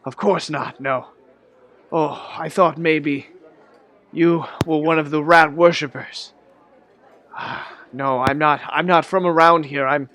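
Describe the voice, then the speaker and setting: A man's voice: fairly high pitch, fairly bright tone. A man voicing a nervous, frightened old man who stammers and pleads. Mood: relieved.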